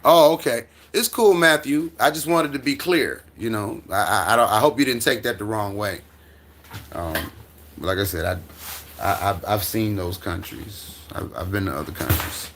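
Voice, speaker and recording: Hosting a laid-back livestream at home with his dog beside him, this middle-aged man from the US reads out chat messages and rambles back, stumbling, restarting and chuckling. His voice is lowish and fairly bright, at a moderate pace, with slight background noise.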